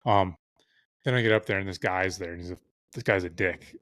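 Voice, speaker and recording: Low-voiced young man telling a rambling story. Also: fairly quick, fairly bright tone, no echo. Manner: rambling, heavy swearing, acts out quoted voices. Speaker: podcast guest. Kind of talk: casual storytelling.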